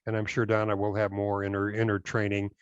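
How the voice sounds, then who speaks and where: An older man with a low voice answers interview questions as a compliance consultant. He talks in a measured, halting way, full of fillers and restarts. The recording is dry and close but slightly dull and lo-fi. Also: completely flat delivery, clean tone, no room sound. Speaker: direct selling compliance consultant.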